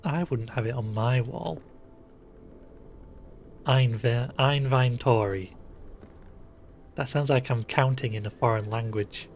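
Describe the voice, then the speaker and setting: A man's voice: mid-range voice, normal speed, gravelly, few pauses, muffled recording, slight background noise. A man casually commenting while playing a game live, chatty and jokey with rambling asides.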